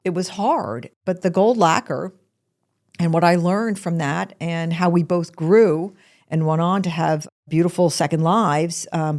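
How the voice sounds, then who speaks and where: A middle-aged woman hosting a podcast in casual chat. She talks in an animated, chatty way and often breaks off mid-sentence. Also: lowish voice. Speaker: podcast host.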